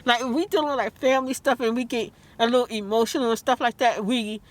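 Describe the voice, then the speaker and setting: Woman vlogger, high voice, upset and rambling rant. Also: fairly even intonation, fast talker. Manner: upset, rambling, repeats herself; outbursts of disbelief. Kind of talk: emotional vlog rant.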